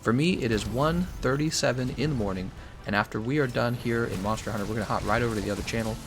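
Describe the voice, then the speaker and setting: A man's voice: medium pitch, fast talker, slight background noise. A young man live streaming a game, chatting casually and jokingly reading out his chat. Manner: joking, reads chat aloud, animated.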